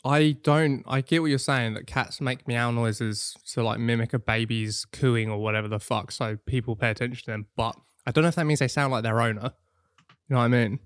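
A man's voice: medium pitch, steady tone, fairly quick, smooth, no room sound, clean studio sound. Crude joking man on a podcast. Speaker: podcast co-host. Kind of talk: casual chat.

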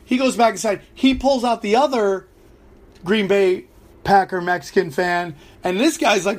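High-voiced, ranting comedian. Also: male voice, moderate pace. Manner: profane, animated storytelling with fillers. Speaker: stand-up comedian and podcast host. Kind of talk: ranting podcast monologue.

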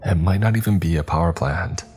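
A man's voice: low voice, a little fast, a little mellow, soft background music, lightly acted. A man voicing a terse, guarded young woman locked in a cell, in a horror story reading. She talks firmly and plainly. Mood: wary. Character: blunt, wary young woman prisoner.

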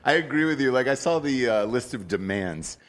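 A man's voice: mid-range voice, lively intonation, fairly quick. A man hosting a casual chat, rambling and hesitant with profane asides.

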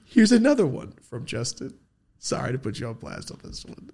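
A man's voice: medium pitch, sing-song, fairly quick, vocal fry, a little mellow, husky. A man hosting a podcast, telling funny stories about his friends in a casual, profane way and laughing often. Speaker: podcast host. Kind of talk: casual comedic storytelling.

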